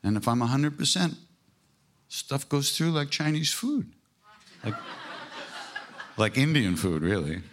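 A man's voice: mid-range voice, very animated, slow, pauses often, a little hiss or hum. A man giving an informal spiritual talk, earthy and joking, with emphatic repetition and frank language. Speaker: spiritual teacher.

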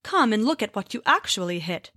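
A woman voicing a male giant who calmly explains his tricks in a storybook tale. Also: medium pitch, a little fast, dry recording, clean studio sound. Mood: explaining. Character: huge cheerful male giant.

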